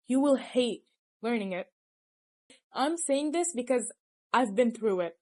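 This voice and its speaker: A woman's voice: high-pitched, big pitch swings, a little slow, pauses often, a little mellow. A young woman who speaks natively, giving casual, teasing study advice to her viewers and laughing often. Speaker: language tips presenter.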